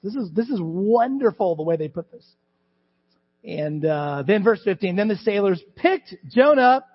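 A middle-aged male pastor preaching a sermon, animated, acting out voices from the scripture story. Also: high-pitched, moderate pace, husky. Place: church sanctuary. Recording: dull church recording with long reverb.

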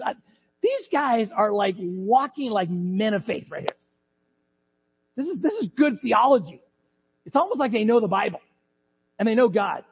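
A middle-aged male pastor preaching a sermon, animated, acting out voices from the scripture story. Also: high voice, unhurried, pauses often, slightly rough. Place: church sanctuary. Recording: dull church recording with long reverb.

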